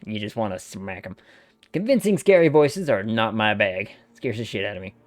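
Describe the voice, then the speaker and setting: A man's voice: lowish voice, lively intonation, fairly quick, dry recording. A man streaming a game, chatting loosely with viewers and swearing casually. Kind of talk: casual gaming stream chat.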